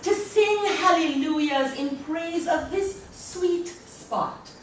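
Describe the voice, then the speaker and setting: A woman's voice: very high-pitched, takes it slowly. A woman from Jamaica with a Jamaican accent, reading her poetry to an audience in a lecture hall and chuckling between lines. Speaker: poet. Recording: very echoey hall, voice from far off, faint room noise.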